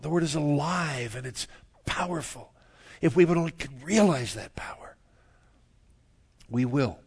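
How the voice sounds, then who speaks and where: A man preaching a sermon, moving from quiet, low stretches to loud, emphatic bursts and chuckling at his own jokes. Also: creaky, breathy edge. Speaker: pastor.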